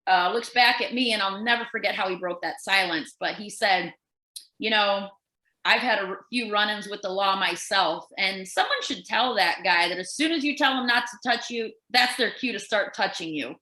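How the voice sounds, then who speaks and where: Bright, animated woman telling a story. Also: mid-range voice, normal speed, roomy sound, rough recording. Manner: animated storyteller who acts out quoted voices. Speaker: nurse and podcast co-host. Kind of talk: casual storytelling.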